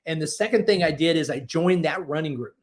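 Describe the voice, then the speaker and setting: A man in his forties with a slightly higher voice coaches would-be authors in an upbeat webinar. He tells homespun stories with energy and a persuasive push. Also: fairly quick. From Oklahoma. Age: 40s. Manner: folksy storytelling, energetic and persuasive. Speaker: book publishing coach. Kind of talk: motivational webinar talk.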